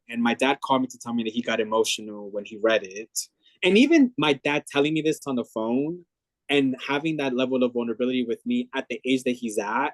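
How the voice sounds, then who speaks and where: A man's voice: medium pitch, no room sound. Man talking openly in an interview. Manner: reflective, open, many fillers and restarts. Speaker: guest. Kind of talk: candid conversational interview.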